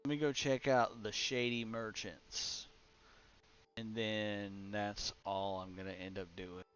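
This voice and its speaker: A man's voice: lowish voice, flat delivery, slow pace, fairly bright tone, clean tone. A young man streaming a game, muttering casually to his chat and swearing at the menus. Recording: slightly dull lo-fi stream audio with faint music.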